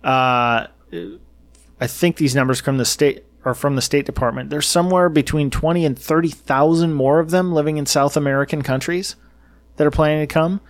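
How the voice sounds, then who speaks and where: A man in casual political conversation. He rambles with a sarcastic edge, and his voice sits a bit higher than most men's. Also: steady tone, normal speed. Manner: rambling, sarcastic, acts out quotes.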